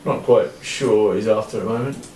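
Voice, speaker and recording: A man's voice: fairly low pitch, a little fast. A man co-hosting a casual podcast chat, swearing freely and laughing often. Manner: sweary, laughing, relaxed banter. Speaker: podcast co-host. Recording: roomy, distant mic, faint hiss.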